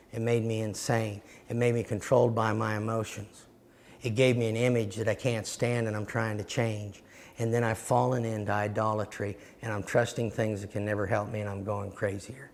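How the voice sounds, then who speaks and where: A man's voice: lowish voice, level tone, normal speed, creaky, darkish tone. A man teaching a sermon-style seminar, telling earnest stories that act out little scenes. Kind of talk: teaching sermon with personal illustrations.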